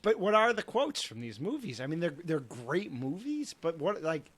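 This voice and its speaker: Casting: podcast co-host, man with a fairly high voice, curious, keeps asking questions. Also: very animated, moderate pace, a crowd in the background. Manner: asks questions, tries quotes. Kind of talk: casual chat.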